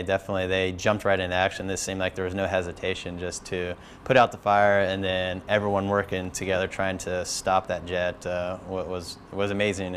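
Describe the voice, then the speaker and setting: Deep, flat-voiced airman telling a story. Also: a little hiss or hum. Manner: halting, lots of fillers. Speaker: aircrew member recounting an incident. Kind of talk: interview recollection.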